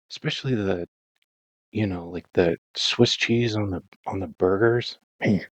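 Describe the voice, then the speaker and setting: A man's voice: sits low, unhurried, no echo. A man narrating his own gameplay in a rambling, self-mocking, dramatized way, in a casual voice-over. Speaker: Minecraft let's-play narrator.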